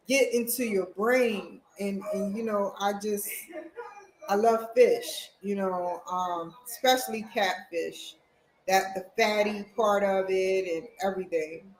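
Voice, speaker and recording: A woman's voice: medium pitch, slow. Chatty woman vlogger talking at home; roomy sound, light hiss behind. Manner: rambling, chatty, talks straight to viewers. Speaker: vlogger, college student. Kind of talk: casual chat to camera. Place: at home, indoors.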